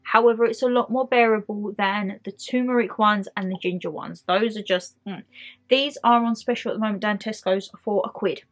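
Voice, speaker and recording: Speaking at a normal speed with a medium-pitched, fairly even voice, a young beauty and lifestyle vlogger talks at home about her monthly favourites. She's chatty and enthusiastic, addressing viewers directly through the camera.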